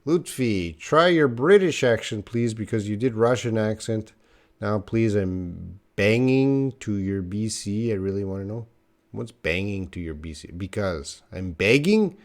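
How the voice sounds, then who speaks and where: A man's voice: on the low side, animated, measured pace. Chatty man teaching English live. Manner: chatty, answers viewers' questions with playful teasing. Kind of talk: live-streamed English lesson.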